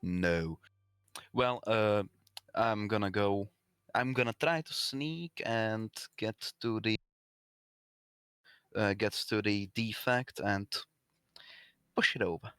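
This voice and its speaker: A man's voice: on the low side, slow, long pauses, a bit bright, smooth, no room sound, clean studio sound. A man playing a tabletop game, doing a put-on Slavic accent and swearing now and then. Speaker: player.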